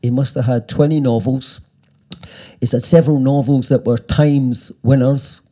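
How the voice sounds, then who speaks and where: An older man, a writer and former actor, telling animated anecdotes in an interview and acting out the quotes. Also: medium pitch, normal speed. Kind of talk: storytelling interview.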